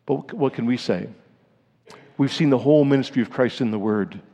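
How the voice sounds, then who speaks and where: A male pastor preaches in a gravelly, middle-pitched voice at normal speed, dropping into hushed, grave lows before rising to emphatic peaks. Long reverb makes it sound like a large church sanctuary.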